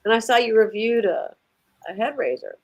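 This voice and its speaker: A woman's voice: fairly high pitch, lively intonation, normal speed, a little mellow. A woman co-hosting a casual livestream chat, joking and teasing. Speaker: livestream co-host.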